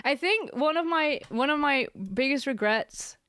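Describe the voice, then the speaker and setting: A woman's voice: high-pitched, measured pace, fairly bright tone, dry recording. Giggly young woman streamer, dry sound. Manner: giggly, rambling storytelling. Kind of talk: casual chat with stream viewers.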